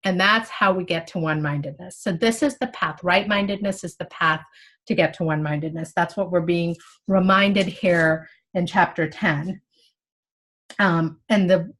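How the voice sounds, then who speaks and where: A woman explaining a spiritual text in a casual, conversational way, acting out inner thoughts as she goes. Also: medium pitch. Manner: animated, conversational, acts out inner monologues. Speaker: spiritual study teacher.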